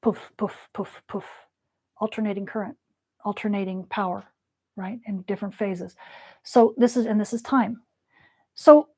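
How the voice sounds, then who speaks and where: A woman teaching a lecture with playful, lively explanations. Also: fairly high pitch.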